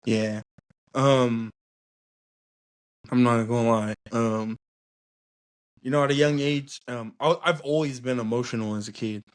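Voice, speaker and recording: A young man in his late teens or twenties, a podcast guest, talking openly and easily with many pauses and fillers. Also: medium pitch, steady tone. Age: young adult. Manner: easygoing, candid, halting with fillers. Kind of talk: casual podcast chat.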